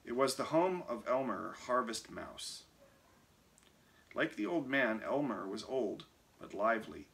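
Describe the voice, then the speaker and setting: Bright-voiced man reading a storybook aloud. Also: medium pitch, measured pace, vocal fry. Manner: expressive, lively. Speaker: reader. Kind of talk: reading a picture book aloud.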